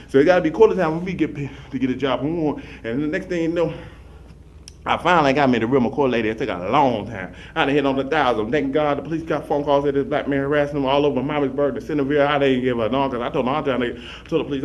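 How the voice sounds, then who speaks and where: A man telling rambling comic stories in a rapid, run-on, repetitive way, animatedly acting out the scenes. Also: on the high side, steady tone, lo-fi sound. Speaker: comic storyteller.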